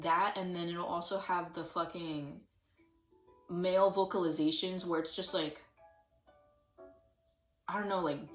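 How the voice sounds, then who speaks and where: A woman's voice: lowish voice, far from the mic. Rambling woman in an echoey room. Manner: rambling, hesitant, many fillers, sudden sung and acted bits. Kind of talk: casual solo vlog chat.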